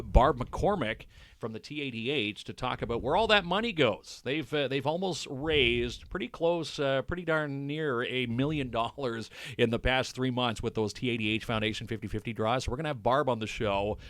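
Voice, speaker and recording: A man's voice: medium pitch, a bit bright, no room sound. A man co-hosting a podcast in casual chat, easygoing and full of filler words, also reading a sponsor spot. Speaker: podcast co-host.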